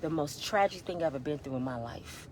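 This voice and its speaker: A woman in her fifties giving a casual, preachy motivational talk, exhorting listeners as y'all, swinging between loud urging and hushed tones, holding back tears. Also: low-pitched, animated, fairly quick, slight background noise. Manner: colloquial, addresses listeners as y'all. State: near tears. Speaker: inspirational vlogger.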